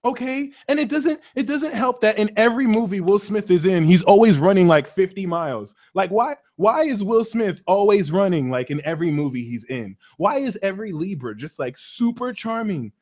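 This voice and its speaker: Brief: high, lively male host, profane and theatrical, jumps between loud bursts and mumbling. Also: normal speed, few pauses. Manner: profane, slangy. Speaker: astrology reader hosting a live stream. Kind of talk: animated rant on a live stream.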